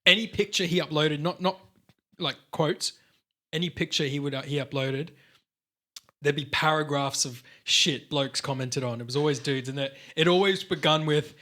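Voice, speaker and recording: A man's voice: a little high, moderate pace, bright, forceful tone. A man with an Australian accent, a podcast host in casual chat, rambling and swearing freely. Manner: rambling, swears casually, stumbles over restarts.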